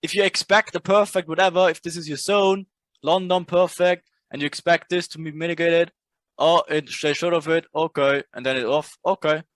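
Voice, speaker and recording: A man's voice: a little high, fairly even intonation, normal speed, no room sound. A man teaching a trading course in a casual lecture. He talks bluntly, swears freely, and keeps checking in with "right?".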